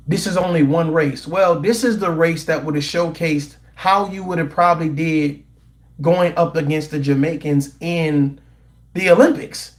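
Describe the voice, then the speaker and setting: A man giving opinionated commentary to a live chat, incredulous and animated, often repeating himself and restarting his sentences. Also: a little high, measured pace. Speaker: commentary vlogger.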